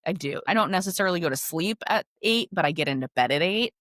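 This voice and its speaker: A woman's voice: lowish voice, lively intonation, fast talker, fairly bright tone, no echo. Chatty woman podcast host. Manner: chatty, laughs easily, open about her family life. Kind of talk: casual podcast chat.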